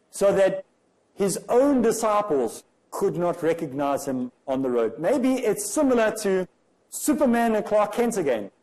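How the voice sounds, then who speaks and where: A man's voice: high voice, mellow, rough recording. Man lecturing with rhetorical questions. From South Africa. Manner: rhetorical, emphatic, many questions. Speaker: religious lecturer. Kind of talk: comparative religion lecture.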